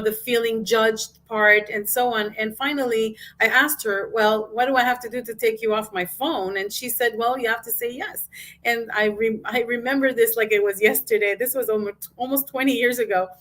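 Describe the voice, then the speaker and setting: A woman's voice: fairly high pitch, fairly even intonation, moderate pace, fairly bright tone. A middle-aged woman, a business coach and guest speaker, telling her life story in an interview with emotion and acted-out quotes.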